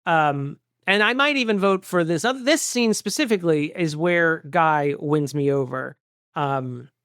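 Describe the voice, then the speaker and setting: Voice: medium pitch, unhurried, a bit bright, dry recording, studio quality. A podcast co-host in casual chat, rambling through nerdy asides and laughing often. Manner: rambling, self-described nerd logic, laughs often.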